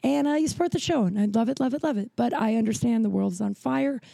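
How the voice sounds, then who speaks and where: A woman's voice: a little high, fast, vocal fry, warm tone, dry recording. A woman in her forties hosting a podcast, telling stories in a casual, chatty way full of "like". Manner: chatty, peppered with "like". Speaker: podcast host. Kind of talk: casual storytelling.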